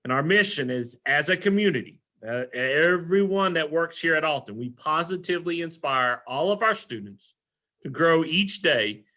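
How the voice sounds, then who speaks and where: A man's voice: on the high side, sharp tone. A man, an elementary school principal giving a recorded presentation to parents, earnest and often correcting himself. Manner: earnest, repetitive, self-correcting.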